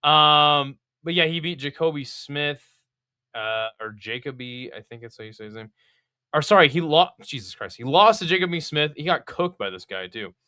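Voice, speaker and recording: A man's voice: on the high side, animated, moderate pace, sharp tone, smooth, no room sound, clean studio sound. A young man giving a casual, blunt and profane breakdown of a fight card, sounding exasperated and mocking. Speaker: MMA fight card previewer.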